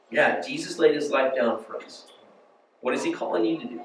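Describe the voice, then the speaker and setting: American pastor in an echoey church hall. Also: male voice, medium pitch, fairly quick, a bit bright, distant mic, slight background noise. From United States. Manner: casual, storytelling, asks the congregation questions. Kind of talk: conversational sermon. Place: church sanctuary.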